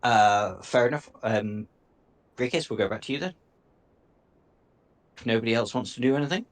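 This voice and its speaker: A man's voice: medium pitch, moderate pace. A man narrating a tabletop game as game master, casual and easygoing.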